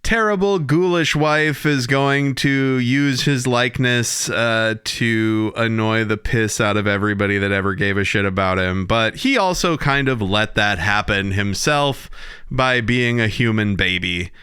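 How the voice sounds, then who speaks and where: A man's voice: lowish voice, a little slow, clear, resonant tone, no room sound, clean studio sound. A man co-hosting a podcast in casual chat, joking and swearing. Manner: joking, profane, deadpan bits. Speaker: podcast co-host.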